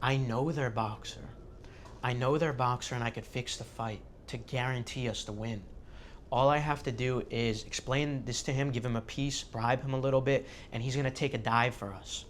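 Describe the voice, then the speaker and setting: A man voicing a scheming partner who talks in a hushed, conspiratorial way. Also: mid-range voice, steady tone, moderate pace, a little hiss or hum, close to an everyday voice. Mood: reassuring.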